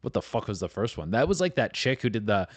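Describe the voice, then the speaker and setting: A man's voice: fairly low pitch, very animated, fast, no echo. A man hosting a comedy podcast, rambling through a profane, casual monologue full of restarts and fillers.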